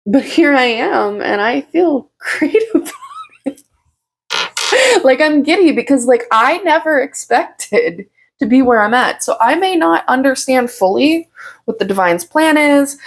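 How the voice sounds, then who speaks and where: A woman speaks slowly and unhurriedly, her fairly high voice sliding into a gravelly fry as she talks. She gives a casual, heartfelt channeled message as a tarot reader from her own room, filling her words with likes and soft giggles. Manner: casual, heartfelt, filler-heavy talk. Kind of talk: intuitive channeled message to viewers.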